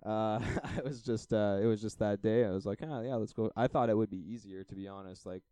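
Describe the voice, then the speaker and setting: Here the Canadian co-host's voice sits on the low side, smooth and fairly quick, with no room sound. He's a young man relating a lengthy holiday tale in relaxed podcast talk, performing the dialogue and laughing throughout.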